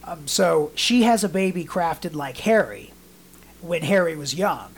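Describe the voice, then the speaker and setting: A man's voice: on the high side, lively intonation, unhurried, vocal fry, slight background noise. A man co-hosting a laid-back podcast, spinning long, rambling anecdotes. He talks loosely and casually, in a natural conversational way. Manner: rambling storyteller, acts out quotes in mock voices. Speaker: podcast co-host.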